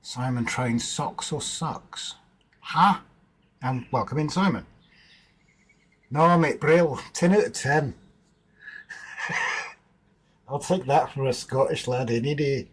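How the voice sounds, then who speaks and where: Husky-voiced man hosting a chatty stream. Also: medium pitch, slow, pauses often, rough recording. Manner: chatty, greets and answers viewers in the chat; informal banter with his partner. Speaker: livestream host. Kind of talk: casual livestream chat.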